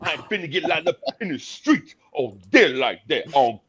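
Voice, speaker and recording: A man's voice: on the high side, very animated, moderate pace, husky, exaggerated voice. A man voicing an angry customer who curses at a gym front desk in heavy slang. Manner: loud, profane, aggressive street slang.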